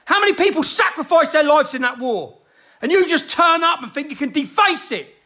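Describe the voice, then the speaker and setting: Angry man in his thirties, pitched very high, tense and cutting, ranting to camera with constant swearing. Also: animated, a little fast. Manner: furious, shouting, heavy swearing.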